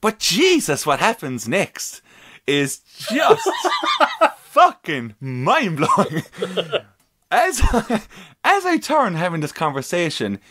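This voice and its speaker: A man co-hosting a casual podcast, telling a story in an animated way and swearing freely. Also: high-pitched. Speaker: podcast co-host.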